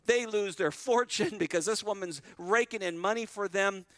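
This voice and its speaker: A man with a high voice preaches a sermon in an earnest, conversational way, talking straight to his congregation. His voice is recorded close and dry. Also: moderate pace, fairly bright tone, no echo. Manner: earnest, conversational preaching that retells scripture vividly; addresses the congregation directly. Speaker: pastor.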